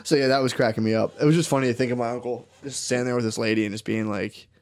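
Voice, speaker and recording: A man's voice: mid-range voice, steady tone, very fast. A young man co-hosting a casual podcast chat, telling a rambling story with lots of swearing, laughter and acted-out quotes. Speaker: podcast co-host.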